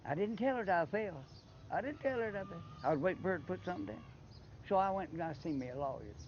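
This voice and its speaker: A man's voice: high-pitched, animated, fast talker. An older man with an Appalachian accent, telling long rambling stories and often restarting his words. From Eastern Kentucky. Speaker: interviewee. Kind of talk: casual storytelling. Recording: slightly muffled with faint background noise.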